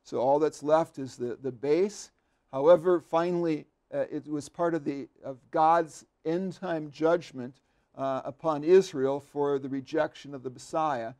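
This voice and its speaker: A slow, deliberate man explains a scripture passage as a seminary professor would. His voice sits a little high and has a gravelly edge. He halts often with fillers and restarts, then leans hard on key words. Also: darkish tone. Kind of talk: slow unscripted Bible commentary. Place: podcast studio.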